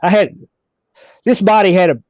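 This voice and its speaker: A man's voice: high-pitched, normal speed, darkish tone, dry recording. A man telling a long story as an interview guest, rambling with many restarts. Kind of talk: casual storytelling. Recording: dull lo-fi recording.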